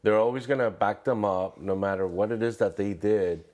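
A host reflects aloud on his guest's story in a casual, thinking-out-loud way. His voice is low and steady. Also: normal speed. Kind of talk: casual chat.

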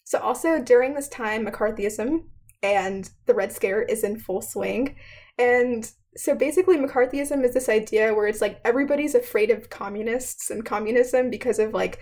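A woman's voice: fairly high pitch, normal speed, darkish tone. Chatty young woman explaining history. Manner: chatty, heavy on fillers, laughs often. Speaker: student presenter.

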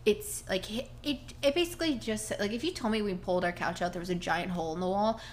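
A woman co-hosting a podcast, telling stories in a casual, animated chat full of fillers. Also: mid-range voice, quick pace, slight background noise. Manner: chatty, animated storytelling with many fillers. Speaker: podcast co-host.

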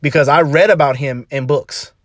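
Male podcast host, punchy slang-heavy motivational delivery, slightly high pitch. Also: moderate pace, no echo, studio quality. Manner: emphatic, slangy, repeats phrases for punch.

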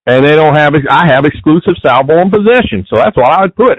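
Man, interview guest: husky, middle-pitched voice, dry dull lo-fi sound, rambling and restarting. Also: expressive, brisk, few pauses, no echo. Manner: rambling, restarts sentences often. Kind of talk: casual interview talk.

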